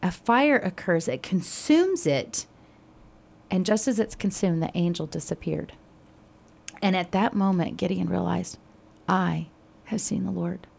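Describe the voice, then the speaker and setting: A woman telling a Bible story to a listener in a casual, animated way, with frequent fillers. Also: on the low side, a little slow, creaky.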